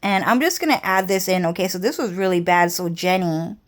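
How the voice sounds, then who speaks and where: A woman's voice: fairly low pitch, a little fast. A woman vlogger telling a personal story in a rambling, repetitive way, with heavy swearing. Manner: rambling, heavily profane, repetitive. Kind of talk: casual storytelling monologue.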